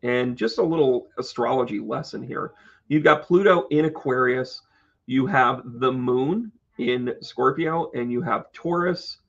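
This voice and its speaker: A man's voice: medium pitch, unhurried, gravelly, fairly bright tone, muffled recording. A man hosting an astrology live stream, chatty and joking, talking to his viewers by name. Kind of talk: casual live stream chat.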